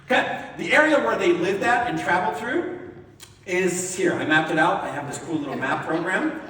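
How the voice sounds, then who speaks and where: Guy preaching in a big echoey church, kinda high voice, jokey and animated, mic sounds far off. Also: moderate pace. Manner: animated and jokey, acting out voices, laughs often. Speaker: pastor. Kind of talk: lively conversational sermon. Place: church sanctuary. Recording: echoey hall, distant mic.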